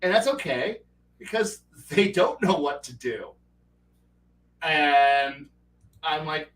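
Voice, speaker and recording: A man hosting a casual livestream, telling profane, animated stories about running a tabletop game. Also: fairly high pitch, slow, long pauses, far from the mic, poor audio. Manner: animated, profane storytelling with acted player quotes. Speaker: stream host and game master.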